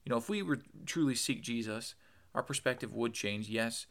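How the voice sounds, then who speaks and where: A man's voice: mid-range voice, normal speed, creaky, fairly bright tone. A man delivering an earnest podcast sermon, quoting scripture and stressing his points with repetition. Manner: earnest, emphatic, quotes scripture, repeats words. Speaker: preacher.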